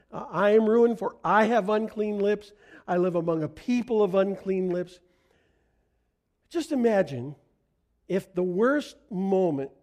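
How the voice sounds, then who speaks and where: A middle-aged male pastor preaching a sermon in a church, earnest, going soft in prayer and rising on emphasis. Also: sits high. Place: church sanctuary.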